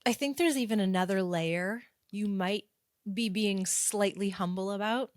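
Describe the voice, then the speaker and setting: A woman co-hosting a podcast, speaking in a thoughtful, drawn-out and appreciative way. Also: mid-range voice, no echo, clean studio sound. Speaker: podcast co-host. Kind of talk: reflective podcast conversation.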